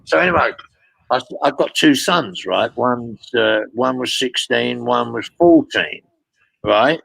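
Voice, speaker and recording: An older man tells rambling anecdotes in a loose interview, cursing freely and leaning on "you know what I mean". His voice is deeply gravelly and full of fry. The sound is dry and close. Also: animated, slow, a bit bright, no echo, poor audio. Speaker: guest storyteller.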